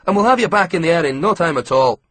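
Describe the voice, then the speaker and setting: A man's voice: a little high, expressive, fast talker, fairly bright tone, no echo, pitched above the performer's own voice. A man voicing a friendly ginger-haired Scottish ground worker in a cheerful, chatty manner.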